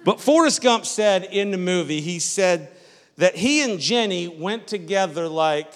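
A male pastor preaches with a high voice, his words ringing out across a reverberant church sanctuary. His delivery is conversational, and he keeps checking in with the congregation with "Amen?" and doubles back on his phrases. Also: lively intonation, unhurried, fairly bright tone. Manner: repeats and restarts phrases. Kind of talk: sermon.

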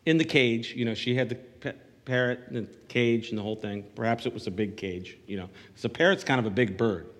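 A man's voice: mid-range voice, fairly quick, a bit bright. Preaching man in a reverberant church. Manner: conversational preaching with call-and-response asides. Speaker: pastor. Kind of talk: sermon.

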